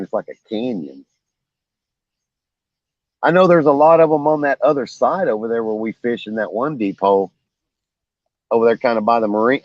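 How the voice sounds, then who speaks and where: A medium-pitched man from Oklahoma vlogs while fishing at a lake at night, chatting casually, telling stories, and rambling with many fillers. His voice has no echo, but the outdoor lakeshore audio sounds dull and lo-fi.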